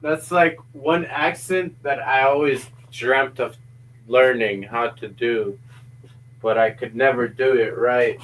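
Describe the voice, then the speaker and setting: A man co-hosting a podcast over a voice call, chatting casually with a joking, playful manner. He talks at an unhurried pace. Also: mid-range voice, fairly even intonation, fairly bright tone, slight background noise. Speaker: podcast co-host. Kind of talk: casual chat.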